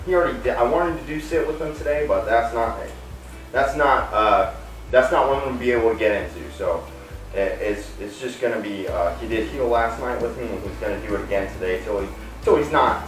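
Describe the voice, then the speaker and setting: A man dog trainer explaining calmly to viewers while working a dog, breaking off into sharp high praise calls. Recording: roomy distant camera audio with music.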